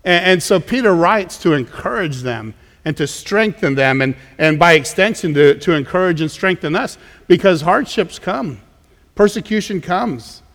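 A man's voice: sits high, expressive, normal speed, fairly bright tone. A man preaching a sermon as pastor, in a conversational way, often repeating words and restarting as he goes. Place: church sanctuary. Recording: long reverb of a large hall.

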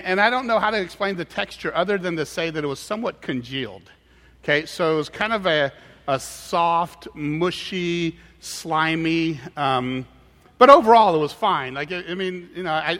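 A man preaching a sermon, telling a story in an animated way with frequent halting restarts. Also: a little high. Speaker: pastor. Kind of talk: sermon with personal anecdote. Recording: hall with long reverb.

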